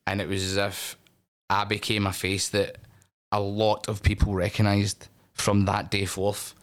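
A man's voice: lowish voice, monotone, measured pace, a bit bright, clean tone. A middle-aged man with a Scottish accent, the guest on a podcast, telling stories in casual chat, swearing freely and laughing often. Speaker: wrestling promotion owner, guest.

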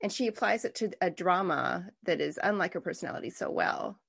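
A woman's voice: on the low side, animated, brisk, vocal fry, fairly bright tone, slightly rough. A woman hosting an interview, speaking in an enthusiastic, effusive way and often restarting her sentences. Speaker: podcast host. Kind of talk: conversational interview.

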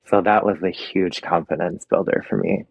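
Man, low voice, husky tone, dry close sound, open emotional storytelling. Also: steady tone, moderate pace, no echo. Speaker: guest, makeup artist. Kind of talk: casual interview.

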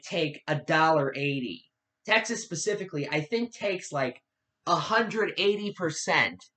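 A woman's voice: sits low, fairly bright tone. Blunt, sarcastic woman commentator. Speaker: political commentator. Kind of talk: casual political commentary.

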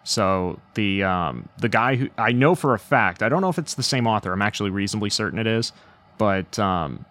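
A man's voice: fairly low pitch, lively intonation, brisk, a bit bright. A man appearing as a podcast guest in a casual chat, talking hesitantly with restarts and dry humor.

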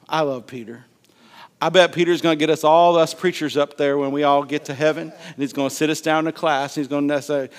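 A man with a fairly high voice preaches in a drawl. He is lively and conversational, and he jumps into character voices to act out the Bible stories he tells. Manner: animated, acts out Bible scenes with voices and laughter. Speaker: pastor. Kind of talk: sermon.

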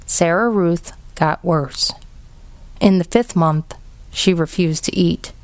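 A woman reading a children's novel aloud in a gentle, measured storybook narration. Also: lowish voice, no room sound. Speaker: audiobook reader.

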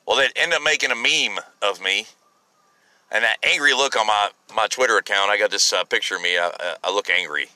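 A man's voice: lowish voice, sharp tone, dry recording, rough recording. A man in his forties hosting a solo podcast, talking bluntly and rambling with frequent restarts and swearing. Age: 40s. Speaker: podcast host.

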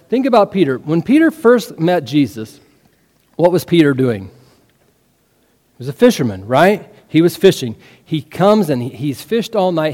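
A man preaching a sermon, telling the story in an animated way and throwing rhetorical questions at the congregation. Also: fairly high pitch. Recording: long reverb of a large hall.

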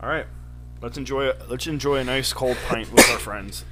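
A man's voice: mid-range voice, normal speed, very noisy. A man hosting a casual podcast, running the intro and steering the beer tasting with his co-hosts. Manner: leads the show, introduces episodes. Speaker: podcast host.

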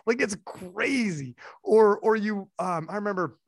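A young man hosting a casual chat, telling stories in an animated, slangy way. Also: sits high, measured pace, vocal fry, no echo, studio quality. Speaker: podcast host and event commentator.

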